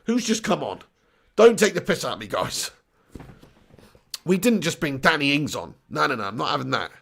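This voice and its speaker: A man in his thirties hosts a live football watch-along, his fairly high voice leaping around as he bounces between chat messages and outrage at the substitutions. There is a gravelly edge to it, with cheeky, sweary banter aimed straight at his viewers. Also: sing-song, normal speed, a bit bright. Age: 30s. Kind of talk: live-streamed match reaction.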